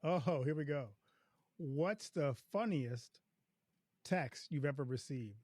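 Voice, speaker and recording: Man, podcast host, higher pitched, short encouraging remarks, dry close sound. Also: takes it slowly, darkish tone, no room sound. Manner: brief, encouraging reactions. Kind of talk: podcast interview.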